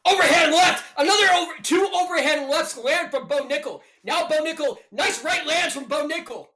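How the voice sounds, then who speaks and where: A young man giving jokey, excitable play-by-play commentary on a live fight stream, breaking into loud outbursts. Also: very high-pitched, normal speed.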